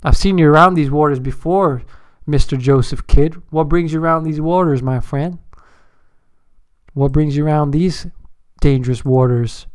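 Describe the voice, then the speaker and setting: A man's voice: on the high side, moderate pace, a little mellow, close to an everyday voice. A man doing a menacing old sea captain.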